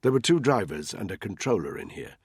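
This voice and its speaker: A male audiobook narrator with a very deep, husky voice that moves lively up and down as he tells the story. His delivery is tense and measured, read as scripted narration. The recording is dry and close, with no room sound. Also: no echo.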